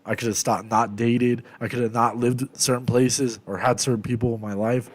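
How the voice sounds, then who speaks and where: A young man venting in a candid confessional vlog, rambling and swearing a lot, often dropping low and trailing off as he reflects. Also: flat delivery, moderate pace. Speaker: vlogger.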